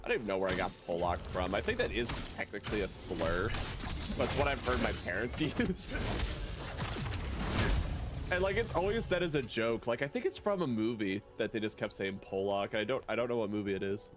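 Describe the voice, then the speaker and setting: This gaming livestreamer talks briskly in a lowish voice, cracking jokes and chatting lively with viewers as he plays, all against heavy background noise.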